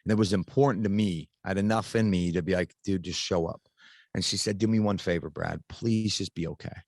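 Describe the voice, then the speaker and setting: A man's voice: sits low, fairly even intonation, a little fast, a little mellow, no echo. A man in his thirties, a podcast guest, telling a personal story in a casual, frank way and swearing freely.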